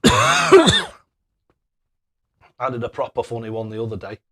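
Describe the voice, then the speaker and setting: A man's voice: medium pitch, a little slow. Cheery male live-stream host. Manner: chatty, thanks viewers by name; cheery, excitable. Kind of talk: casual live-stream chat.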